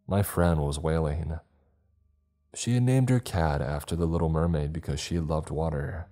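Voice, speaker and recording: A man narrating a scripted horror story in a slow, ominous manner. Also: rumbling low, warm tone, soft background music.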